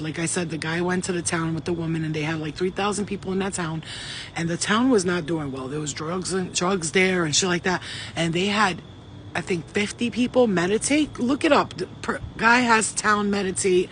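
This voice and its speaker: Guy with a pretty high voice rambling about spirit messages, swears a lot, gets excited, all over the place. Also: slight background noise, low-quality recording. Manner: profane, rambling, excitable, talks in quick digressions. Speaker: spiritual channeler and vlogger. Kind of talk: casual rambling monologue.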